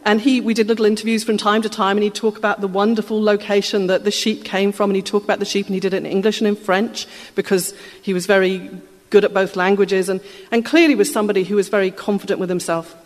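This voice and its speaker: A woman tells an anecdote to a live audience, lively and amused, in a plain conversational way. Her voice sits at a middle pitch for a woman. The sound rings with a long reverb, as in a large hall. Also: fast talker, few pauses. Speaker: storyteller.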